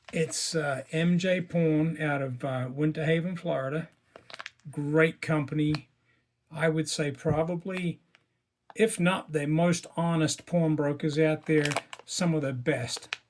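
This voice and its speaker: A man's voice: a little high, a little hiss or hum. A man giving casual unboxing commentary as a coin collector, chatty and amazed, muttering asides as he works.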